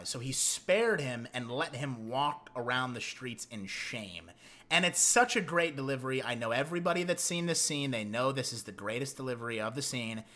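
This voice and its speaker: A man giving a casual film review, retelling scenes in an excitable, profane and animated way. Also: mid-range voice.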